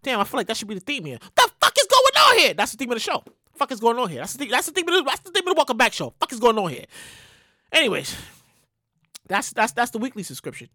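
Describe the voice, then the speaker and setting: A woman's voice: a little high, big pitch swings, fast, pushed and bright, no echo, studio quality. A woman hosting a show, ranting indignantly in casual commentary, swearing and repeating herself. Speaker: show host.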